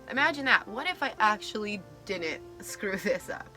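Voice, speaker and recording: A woman in her thirties talking in a confessional vlog, emotionally raw and near tears, halting, with nervous little laughs. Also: medium pitch, expressive, bright, forceful tone, soft background music. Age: 30s. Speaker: vlogger.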